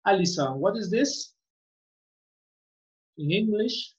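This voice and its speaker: A woman teaching English online speaks slowly and expressively in a slightly mellow, mid-range voice. She tends to repeat words and asks "okay?" again and again to confirm comprehension. Her audio is muffled lo-fi.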